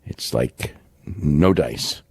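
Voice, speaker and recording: A man co-hosting a podcast, chatting casually about a wrestling show in a rambling, halting way with many fillers and restarts. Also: a bass voice, animated, creaky, darkish tone, breathy edge, dry recording, studio quality. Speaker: podcast co-host. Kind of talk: casual wrestling recap chat.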